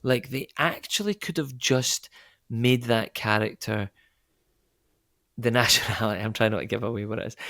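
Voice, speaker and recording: A Scottish actor answering an interview question in a casual, rambling way, often correcting himself and laughing. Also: male voice, mid-range voice, dry recording, clean studio sound. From Scotland. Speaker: actor guest.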